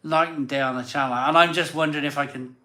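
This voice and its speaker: A man's voice: fairly high pitch, steady tone, quick pace, sharp tone, reverberant. A slightly drunk man, hosting a live beer show in rambling casual chat. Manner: rambling and self-doubting, many fillers and restarts. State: a bit drunk.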